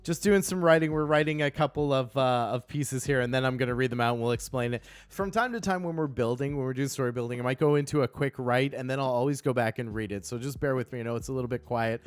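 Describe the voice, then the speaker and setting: A man's voice: mid-range voice, fast talker, few pauses, smooth, no echo. Casting: male game-master streamer, casual, thinks aloud, mid-range voice. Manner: thinking aloud, explaining his process. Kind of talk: casual live-stream chat.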